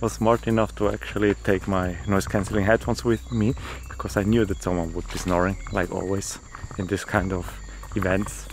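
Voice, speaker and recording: A man's voice: low-pitched, little pitch movement, fairly quick. A man talking to the camera as a travel vlogger, chatty, candid and poking fun at himself. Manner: chatty, candid and self-mocking. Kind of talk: casual vlog talk to camera. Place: outdoors in a rainforest. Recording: outdoor clip with loud insect noise. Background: insects and crickets of the forest.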